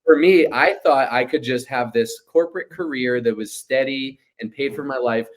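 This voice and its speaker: A man in his thirties, a guest entrepreneur telling a story in a casual interview, animated and acting out what people said. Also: mid-range voice, normal speed.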